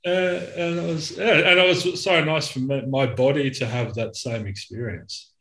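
Therapist, male, animated storyteller, mid-pitched, roomy sound. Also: moderate pace. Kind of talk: casual conversation. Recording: roomy echo.

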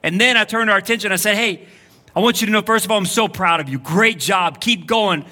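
A male pastor gives a lively, conversational sermon to a church congregation. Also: high voice, fairly quick. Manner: energetic, conversational preaching with frequent "like". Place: church sanctuary. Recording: live church service recording.

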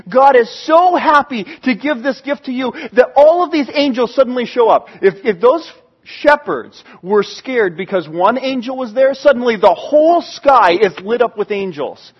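An excitable man telling a sermon story with lively animation. His voice is very high and somewhat husky, caught on a dull, lo-fi recording. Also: normal speed. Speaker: storyteller preacher.

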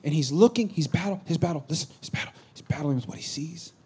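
A man, preaching a sermon as pastor. His voice sits high for a man, and he swings from loud, urgent bursts down to low, confiding asides. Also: lively intonation, fast talker, a little hiss or hum.

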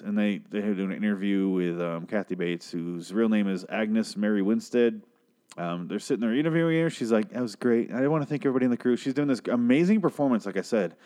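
A young man with a slightly low voice talks through an episode recap in a loose, rambling way. He swears freely and slips into quick impressions of the characters as he goes. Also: a little mellow. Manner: profane, rambling, mimics characters in quotes. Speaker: recap podcaster. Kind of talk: casual spoken episode recap.

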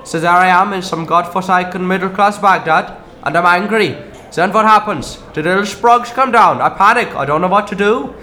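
A man's voice: high voice, bright, forceful tone. A man playing a self-pitying, short-tempered Christmas demon in a comedy sketch. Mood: aggrieved. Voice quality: gruff, self-pitying and quick to anger. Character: grumbling male Christmas demon with horns and fangs.

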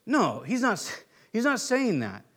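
High-voiced pastor preaching conversationally. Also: male voice, huge pitch swings, a little slow, a bit bright. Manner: conversational, acts out little scenes in funny voices. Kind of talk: sermon teaching.

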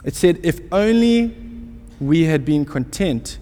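A man's voice: a little high, animated, slow pace, mellow. Preaching man in a reverberant hall. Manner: storytelling, self-mocking, rhetorical questions. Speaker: pastor. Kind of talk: sermon.

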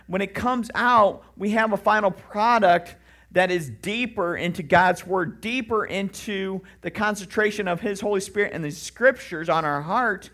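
Male pastor, mid-high voice, earnest conversational sermon delivery, emphatic questions. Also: fairly bright tone.

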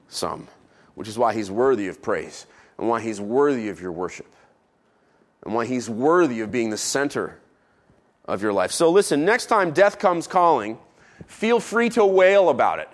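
A man preaching a sermon as pastor, who drops low and quiet for emphasis and adds playful asides. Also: lively intonation, moderate pace.

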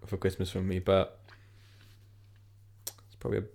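A man's voice: sits low, completely flat delivery, normal speed, creaky, darkish tone. A man hosting a podcast in rambling, jokey casual chat. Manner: rambling, jokey, lots of fillers. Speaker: podcast host.

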